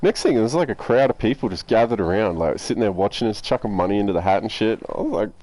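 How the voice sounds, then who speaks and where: A man's voice: on the low side, expressive, fast talker, a little mellow, no echo. A young Australian man telling a rambling story in a casual, laid-back way, swearing constantly.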